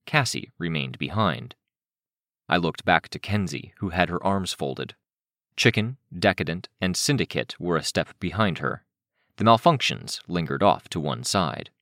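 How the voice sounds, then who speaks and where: A man with a very deep voice narrating an audiobook, even and matter-of-fact, with a lively rise and fall. The recording is dry and close. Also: no room sound.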